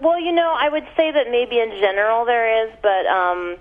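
A woman's voice: on the high side, lively intonation, normal speed, phone-quality sound. A young woman comedian on a radio quiz, dry and self-deprecating, hesitating with ums. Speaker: comedian guest. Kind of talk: radio interview banter.

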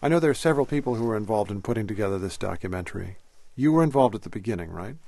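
A man interviewing a filmmaker, describing scenes and asking questions in a measured way. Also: on the low side, expressive, creaky, mellow, dry recording. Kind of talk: radio-style interview questions and film description.

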